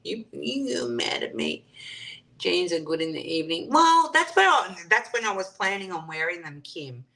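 A woman's voice: on the low side, big pitch swings, normal speed, creaky, pushed and bright. A woman hosting a live stream, chatting casually and reading out viewer comments and answering them. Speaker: livestream host.

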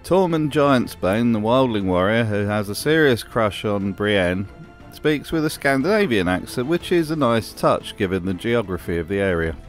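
A man's voice: lowish voice, lively intonation, moderate pace, soft background music. A man narrating a scripted commentary video with a dry, sardonic manner.

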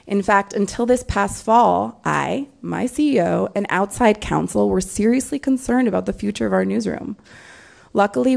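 A woman delivers a prepared symposium talk with measured, emphatic phrasing. Her mid-range voice has a gravelly, creaky edge that runs through her speech. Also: medium pitch, darkish tone. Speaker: media lawyer giving a symposium talk.

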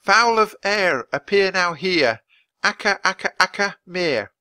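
A man reading aloud, voicing an eager young girl in a storybook in a raised, excited voice. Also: moderate pace. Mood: defiant. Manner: high, eager, exclamatory.

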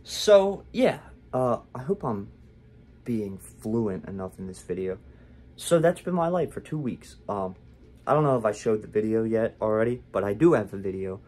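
A man's voice: lowish voice, lively intonation, moderate pace, darkish tone. A young man talking candidly to the camera in a casual vlog, rambling with lots of fillers and restarts. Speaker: vlogger.

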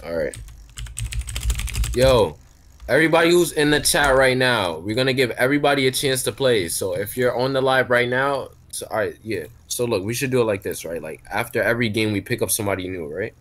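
A man's voice: medium pitch, expressive, fairly quick, fairly bright tone. A man hosting a live game stream, chatting casually with viewers and teammates in slangy, laid-back talk. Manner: laid-back, slangy, repeats questions to chat. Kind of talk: casual chat while gaming.

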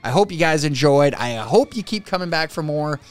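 Male reaction host from the northern US, fairly high, bouncy voice, faint music under him. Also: animated, normal speed. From northern United States. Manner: chuckles often, chatty and amused. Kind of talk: casual reaction commentary.

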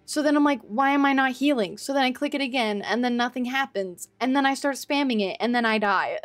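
Woman streamer, slightly high voice, exasperated, swearing, laughs a lot, faint music behind. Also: fairly quick. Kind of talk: live gameplay commentary.

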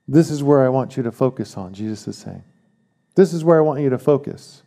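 A man's voice: medium pitch, lively intonation, a little fast, vocal fry, warm tone. A man preaching a sermon as pastor, emphatic, repeating key phrases and asking the congregation questions.

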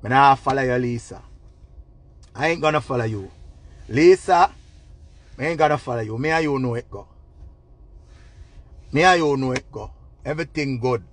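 A man with a Jamaican accent in a loud, profane, repetitive rant giving relationship advice. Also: mid-range voice, moderate pace, long pauses. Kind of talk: ranting monologue.

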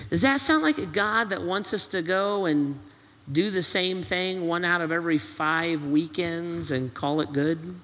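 Male pastor, high bright voice, questioning sermon delivery, church-hall reverb. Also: unhurried. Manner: preaching with rhetorical questions and quoted voices, animated. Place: church auditorium.

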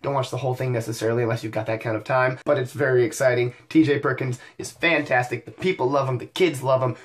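A young man hosting a wrestling show recap, talking energetically with wisecracks and sudden excited outbursts. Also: medium pitch, quick pace. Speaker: wrestling podcast host.

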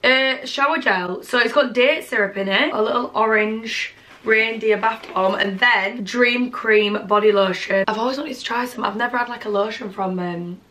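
A woman, gushing excitedly through a casual gift haul at home and swearing freely. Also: on the high side, normal speed, slight background noise. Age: 20s. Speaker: vlogger.

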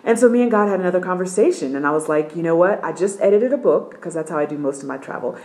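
A middle-aged woman with a fairly low voice recounts a personal testimony from her apartment. She tells it in an animated, emphatic way, acting out each voice in the dialogue with plenty of swings in energy. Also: racing. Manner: acts out dialogue, lively and emphatic. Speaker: missionary sharing a testimony.

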